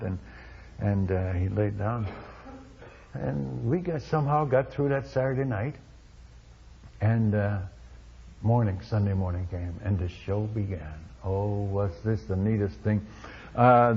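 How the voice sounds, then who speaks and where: A man's voice: lowish voice, unhurried, gravelly, breathy edge. Guy preacher telling a missionary story, keeps restarting lines, kind of muffled recording. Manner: animated storytelling with many restarts. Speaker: missionary speaker. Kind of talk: sermon testimony storytelling.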